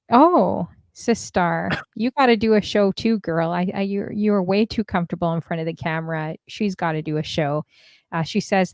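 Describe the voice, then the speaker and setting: A woman with a lowish voice hosts a casual livestream, chatting with many fillers and reading viewers' messages out loud. The audio is clean studio sound without echo.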